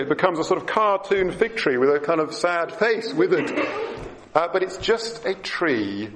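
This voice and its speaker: A man's voice: sits high, lively intonation, a little slow, a bit bright, a little hiss or hum. A middle-aged man giving a chatty, self-deprecating sermon as a preacher in church.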